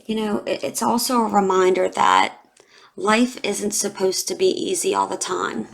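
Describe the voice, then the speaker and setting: A woman's voice: medium pitch, expressive, moderate pace, gravelly. A woman in her forties, a tarot reader talking to camera in a heartfelt, confiding way, emotional and close to tears, with many "you know" fillers. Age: 40s. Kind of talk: emotional tarot reading vlog.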